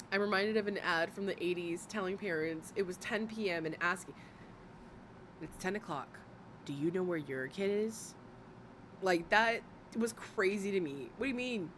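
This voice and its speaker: Woman, reaction host, casual commentary, swears, excitable, faint background noise. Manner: swearing, laughing, pitch jumping high when excited.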